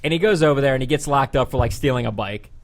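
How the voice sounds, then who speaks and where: A man's voice: medium pitch, very fast. A man hosting a podcast, telling a long story in a casual, profane way and acting out the quotes. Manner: animated, profane retelling with voiced quotes. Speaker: podcast host.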